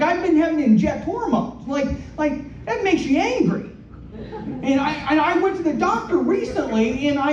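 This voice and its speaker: A high-pitched man with a mellow tone performs stand-up comedy in a club, his halting, self-deprecating delivery full of repeated words. The sound is roomy and dull, picked up from a distance. Faint club ambience runs underneath. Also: slight background noise. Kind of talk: stand-up set.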